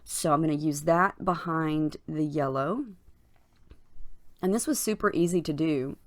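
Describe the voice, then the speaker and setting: A woman with a scratchy morning voice, casually narrating her craft process in a chatty, unhurried voiceover with plenty of fillers. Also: low-pitched. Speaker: crafting channel host. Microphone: voiceover recorded separately from the footage.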